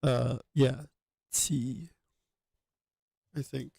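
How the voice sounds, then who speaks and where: A man's voice: mid-range voice, little pitch movement, extremely slow, creaky, warm tone, slightly rough, no echo. A man thinking aloud as he works, hesitant, with many fillers and self-corrections. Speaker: channel host working through a reconstruction. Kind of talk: thinking aloud while working.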